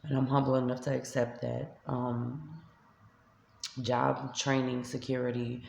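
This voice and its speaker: A woman's voice: extremely low pitch, flat delivery, unhurried, vocal fry, a little mellow, reverberant, a little hiss or hum. A woman with a New York accent, a shelter resident venting to camera in a vlog, upset and tearful as she retells an argument. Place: shelter room by a street window.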